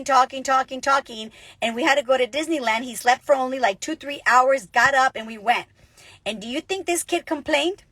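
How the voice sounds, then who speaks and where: High, husky woman giving upbeat coaching. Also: dry recording. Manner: energetic, chatty, animated storytelling. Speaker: network marketing coach. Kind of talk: motivational casual vlog.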